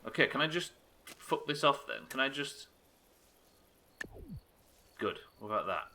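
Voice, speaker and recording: A young man streaming a building game live, commenting as he plays and bantering with viewers in an animated, sweary, self-mocking way. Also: medium pitch, measured pace, slight background noise.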